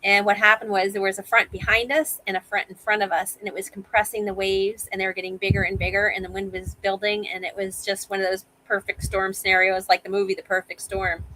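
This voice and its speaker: A woman in her fifties telling sailing stories as a guest over a video call, animated and vivid. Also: mid-range voice, fast talker, hardly any pauses, rough recording. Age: 50s. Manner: animated storyteller, acts out quoted voices. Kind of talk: casual interview storytelling.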